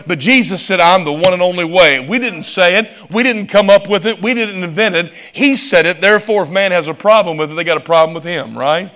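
A male preacher delivering a sermon, emphatic and swinging from loud exclamations to hushed asides. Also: sits high, brisk, few pauses.

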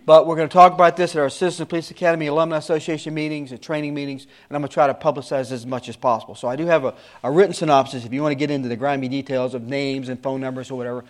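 A man's voice: medium pitch, steady tone, very fast, hardly any pauses. A man in his sixties, a Sunday school teacher giving his class an earnest, repetitive warning in casual talk. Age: 60s.

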